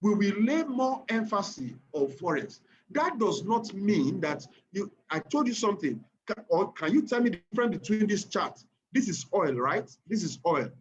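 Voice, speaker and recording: A man's voice: high voice, normal speed. A man with a Nigerian accent teaching an online trading class, repeating phrases and often checking whether his listeners are following. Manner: animated, repeats phrases, keeps checking the audience. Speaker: trading instructor. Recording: muffled lo-fi recording with faint noise.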